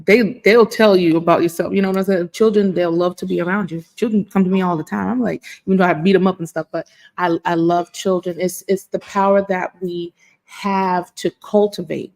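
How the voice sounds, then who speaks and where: A woman's voice: fairly low pitch, steady tone, a little fast, creaky, a little mellow. A woman speaking as a guest in a casual group discussion, emphatic and repeating points for stress.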